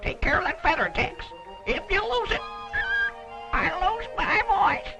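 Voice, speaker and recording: High twangy talking dog, folksy drawl. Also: male voice, very animated, measured pace, heavily acted, rough recording. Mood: wry. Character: cheerful talking male cowboy dog. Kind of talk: 1960s TV puppet show acting. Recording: old TV soundtrack with music underneath.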